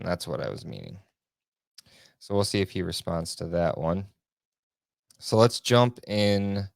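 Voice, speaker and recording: A young man with a very low, smooth voice, chatting loosely through his solo podcast. He rambles and corrects himself as he goes. The sound is dry and close, with almost no room echo. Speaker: podcast host. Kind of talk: casual solo podcast chat.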